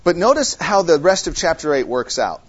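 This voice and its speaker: A man's voice: a little high, big pitch swings, breathy edge. A man teaching an interactive Bible study, repeating his main points, checking in with his listeners and often restarting his sentences. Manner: halting, with frequent restarts. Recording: dull lo-fi recording.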